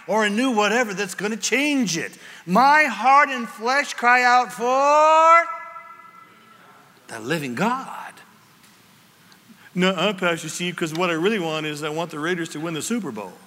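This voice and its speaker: A man preaching a sermon as pastor, telling stories with sudden shouts and hushed whispers. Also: high voice. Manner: animated storytelling, shifting from shouts to whispers. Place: church sanctuary. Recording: long reverb of a large hall.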